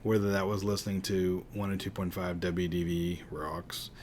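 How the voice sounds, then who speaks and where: Guy with a light pittsburgh accent lecturing casually, kinda low voice, um and uh a lot. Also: level tone, normal speed, a little mellow, a little hiss or hum. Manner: casual, rambling with fillers. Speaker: psychology teacher. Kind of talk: recorded lecture.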